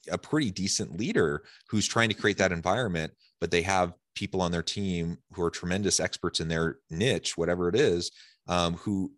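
A man's voice: sits low, fairly bright tone, dry recording, studio quality. A man hosting a podcast, framing questions thoughtfully and restarting his sentences. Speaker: podcast host. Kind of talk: conversational interview.

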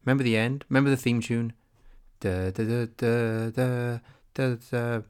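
A young man co-hosting a comedy podcast, talking in a dry, deadpan, meandering way. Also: medium pitch, normal speed, smooth. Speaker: podcast co-host.

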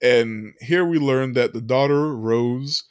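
A man's voice: mid-range voice, slow pace, smooth, no echo. A man co-hosting a podcast, recapping a film in casual chat, often laughing and acting out the characters' lines.

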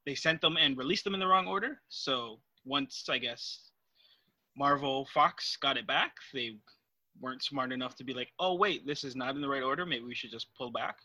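A man co-hosting a casual podcast chat, animated and teasing, laughing often. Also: mid-range voice, moderate pace, dry recording. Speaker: podcast co-host.

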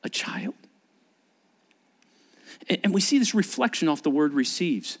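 A man's voice: sits high, very animated, measured pace, long pauses. A man preaching a sermon as a pastor, talking conversationally, asking rhetorical questions and acting out quoted speech. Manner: acts out quoted speech in varied voices.

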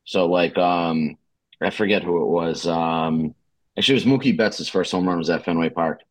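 Podcast host, man, Boston accent, deep, dry close sound, loose profane storyteller. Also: moderate pace, dry recording. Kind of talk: casual sports podcast chat.

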